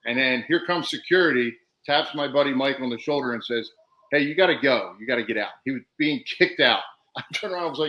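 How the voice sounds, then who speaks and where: A man's voice: medium pitch, fast talker, pushed and bright, low-quality recording. Laughing storyteller man. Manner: laughs through stories, acts out quotes. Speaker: podcast guest, retired wrestler. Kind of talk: animated storytelling.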